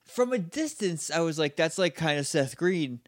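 Lively laughing man on a podcast. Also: fairly high pitch, moderate pace, dry recording, clean studio sound. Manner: laughs often, animated and playful. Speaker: podcast co-host. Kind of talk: casual chat recapping an episode.

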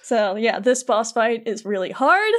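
A woman co-hosting a podcast, retelling a video game's story in casual chat, animated and quoting characters in playful voices. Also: on the high side, unhurried. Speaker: podcast co-host.

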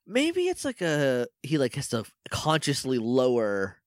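Animated man recapping with silly voices. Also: medium pitch, unhurried, no echo, clean studio sound. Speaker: podcast co-host. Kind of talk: casual recap chat.

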